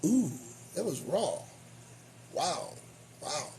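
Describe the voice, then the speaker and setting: A man's voice: on the high side, very slow, vocal fry, a crowd in the background. A man hosting his own show, giving profane, sarcastic commentary on the news. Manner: animated, swearing, sarcastic. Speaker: show host.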